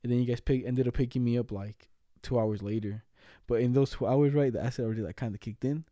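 A young man with a very dark, mellow voice spins stories in laid-back chat, full of slang and swearing. He laughs through his lines. The room is dry and close. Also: mid-range voice, fairly even intonation, quick pace, no room sound. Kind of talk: casual chat.

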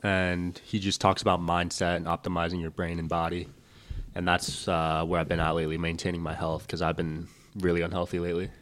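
Brief: young male guest, very low voice, a bit congested, calm and matter-of-fact, casual podcast talk. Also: a little fast. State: a little stuffy from a cold. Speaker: podcast guest, entrepreneur and speaker.

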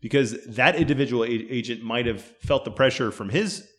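Fast, indignant young man ranting. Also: medium pitch, fairly bright tone. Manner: indignant, profane ranting with many fillers. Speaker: podcast co-host. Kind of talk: casual podcast chat.

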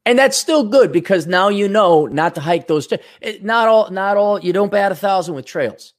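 A man's voice: high-pitched, expressive, moderate pace. A man hosting his own show, rambling in a profane, sarcastic monologue. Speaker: show host.

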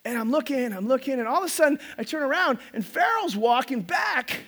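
A middle-aged man preaching a sermon to his congregation as pastor, telling stories in an animated, self-mocking way. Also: very high voice, brisk. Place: church service before a congregation.

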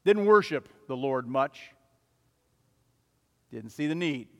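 A male preacher telling a sermon illustration, swelling loud and then dropping soft as he tells it. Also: mid-range voice, lively intonation, takes it slowly, creaky. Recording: long reverb of a large hall.

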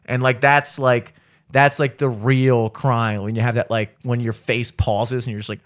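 A man telling a long story in casual chat, swearing often and acting out what others said. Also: normal speed. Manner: animated, profane, acts out quotes in a high voice.

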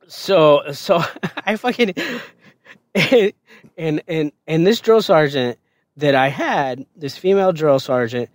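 A man spins a rowdy, casual anecdote for a podcast. His voice sits fairly high, and he curses freely and chuckles through the tale. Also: takes it slowly, no room sound. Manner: profane, laughing often. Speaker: podcast host telling a story. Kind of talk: casual storytelling.

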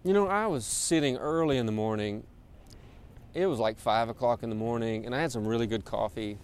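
A man's voice: mid-range voice, fairly quick, clear, resonant tone. A man, a pastor, preaching a sermon in a conversational, informal way, with many fillers and repeated words.

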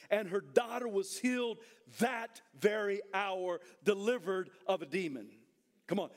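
A male pastor preaching a sermon, bursting into shouted, soaring lines and dropping back into chatty storytelling. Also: unhurried. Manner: fiery preaching that swings into shouted high bursts, then drops to storytelling; casual, chatty retelling with restarts.

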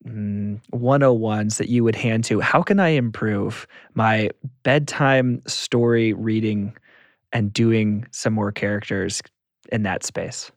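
A man's voice: fairly low pitch, fairly even intonation, slow pace, dry recording, studio quality. Earnest man hosting a podcast. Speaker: podcast host. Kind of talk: podcast interview.

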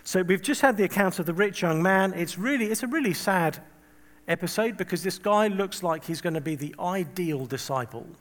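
A man's voice: sits high, lively intonation, moderate pace, fairly bright tone, big-room sound. A man preaching a sermon in a conversational way, telling stories with humorous, self-deprecating asides and acting out quoted voices.

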